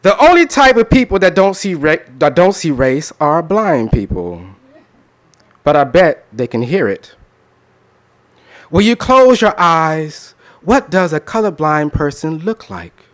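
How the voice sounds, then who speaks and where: A man in a slightly higher register than most, riffing casually with a crowd before sliding into a spoken word poem. His delivery is rhythmic and emphatic, with pointed pauses between lines. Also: very animated. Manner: conversational with laughter, then rhythmic performed delivery. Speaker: poet. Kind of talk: spoken word poetry reading.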